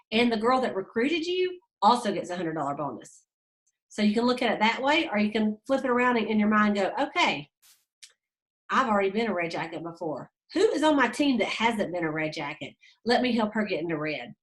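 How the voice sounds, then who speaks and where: A woman, leading a sales team and giving a casual, fast, chatty training talk aimed straight at her listeners. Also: on the high side, a bit bright. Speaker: direct sales team leader.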